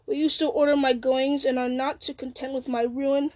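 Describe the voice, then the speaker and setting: A bitter old wizard, fallen and scornful, sneers at everyone around him, as a woman reads him aloud. His voice sits high and bright, with a mocking, resentful edge. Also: level tone, moderate pace, lightly acted.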